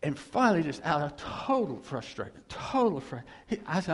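A man preaching in a storytelling sermon style, animated and laughing as he acts out what others said to him. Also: fairly high pitch, moderate pace, husky. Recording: long hall reverb.

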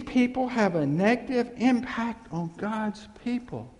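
A male pastor preaching an animated sermon, swinging between loud exclamations and low murmurs, in a reverberant church hall. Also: measured pace, hardly any pauses.

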